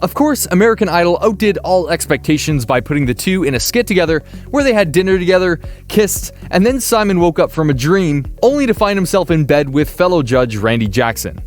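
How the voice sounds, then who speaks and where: A man's voice: sits high, lively intonation, a little fast, hardly any pauses. A man narrating a countdown video in a chatty, playfully emphatic way, with faint music behind him. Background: faint background music.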